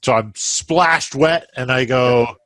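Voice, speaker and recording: A man playing in a tabletop game, describing his moves in an animated way. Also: mid-range voice, takes it slowly, dry recording. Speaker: player.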